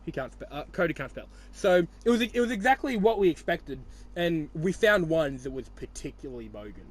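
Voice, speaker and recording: A man's voice: on the high side, expressive, a little fast. A young Australian man hosting a podcast, chatting casually with friends in a rambling, teasing way full of swearing. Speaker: podcast host. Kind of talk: casual chat.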